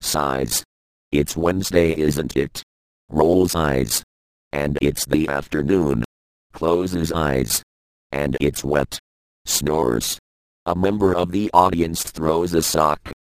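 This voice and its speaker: Very deep, slow, deadpan man. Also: no echo. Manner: deadpan, dull delivery. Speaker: comedian reading a stand-up script. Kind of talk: scripted stand-up read aloud with stage directions.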